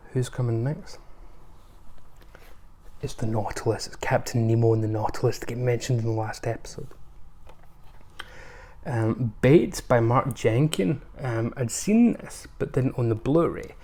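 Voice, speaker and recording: A man's voice: medium pitch, warm tone. A man giving a casual, rambling review of his film purchases, with many ums and restarts. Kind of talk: casual unscripted haul review.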